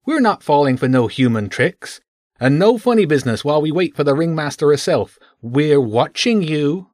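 Man doing a smug creature guard, lilting sing-song voice, high and far above his own, dry storybook read. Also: expressive, a little fast, darkish tone, no room sound, natural voice. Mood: mocking. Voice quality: tuneful lilt.

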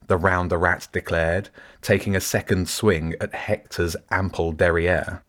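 Man, audiobook narrator, very low voice, measured, expressive. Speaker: author and reader.

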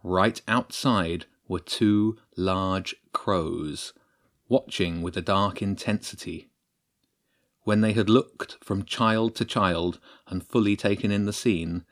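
A man with a fairly low voice reads a children's adventure aloud. His delivery is steady and expressive, voicing the characters as the story moves along. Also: slow. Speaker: narrator. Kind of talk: storybook narration.

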